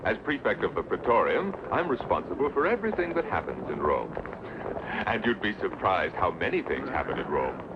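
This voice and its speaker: An actor playing a scheming, ambitious Roman prince and prefect in a 1960s film dub, speaking suavely and giving cold orders. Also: male voice, sits low, big pitch swings, a little fast. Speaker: prefect of the Praetorium. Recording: dull old film sound with hiss.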